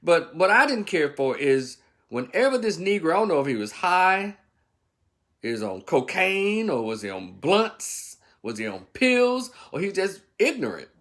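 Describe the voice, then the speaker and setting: A man's voice: high-pitched, sing-song, unhurried, a bit bright. A man giving a blunt, profane, scolding opinion rant as a vlogger. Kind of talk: ranting commentary.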